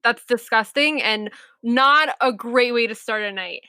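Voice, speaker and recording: Bright-voiced young woman, close and dry. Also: fairly high pitch, a little slow, clear, resonant tone, no echo. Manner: supportive listener, short reactions and questions. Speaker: podcast co-host. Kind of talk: casual chat.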